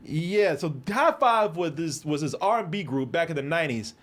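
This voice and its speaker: A middle-aged man from Texas hosts a casual chat and tells stories from his past. His pitch leaps around a lot, and his voice sits a little high for a man. He slips into the voices of the people he talks about. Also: normal speed. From Waco, Texas. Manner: animated, acts out voices in his stories, laughs often. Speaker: host.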